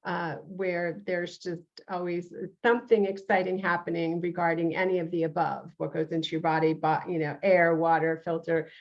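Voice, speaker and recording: A woman's voice: fairly low pitch, level tone, moderate pace, few pauses, muffled recording. A woman with a New York accent hosting an interview show, earnest and full of uhs and restarts. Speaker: show host, reverend.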